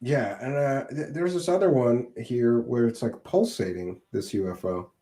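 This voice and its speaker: A man's voice: medium pitch, moderate pace, warm tone. A man with a Philadelphia accent hosting a casual interview, joking and laughing, calling his guest bro. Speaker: host.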